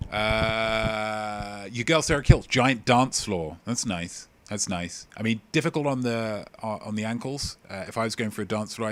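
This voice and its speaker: Low-voiced joking quiz host, a man. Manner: joking, rambling, reads out viewer answers. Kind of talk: casual livestream quiz hosting.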